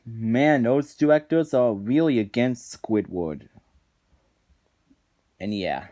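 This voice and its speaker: A man's voice: mid-range voice, expressive, drawn-out words, pauses often, a little mellow. A man reviewing cartoon episodes in a ranting commentary, indignant and exasperated, often restarting his sentences.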